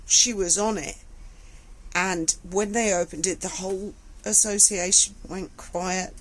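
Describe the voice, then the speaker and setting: A middle-aged woman tells a personal story slowly, emotional and halting, often repeating her words. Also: lowish voice, rough recording. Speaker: vlogger recounting her past.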